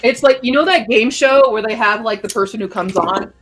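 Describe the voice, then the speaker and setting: A woman's voice: on the high side, a little fast, fairly bright tone, slight background noise. A woman chatting casually on a writing livestream at home, gushing and giggly. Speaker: writing streamer.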